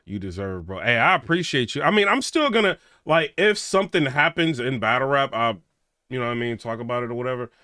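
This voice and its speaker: A man hosting a loose late-night reaction stream, his voice swinging up and down as he talks. His tone is bright and forward, recorded close and dry with no room sound. He reads out viewer comments and laughs often. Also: medium pitch, sing-song, brisk, no room sound.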